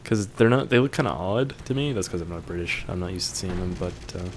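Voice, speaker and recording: Low-voiced young man reading viewer questions. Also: animated, fast, slight background noise. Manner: joking, offhand, swears casually. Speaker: YouTuber answering viewer questions. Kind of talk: casual Q&A, reading questions aloud.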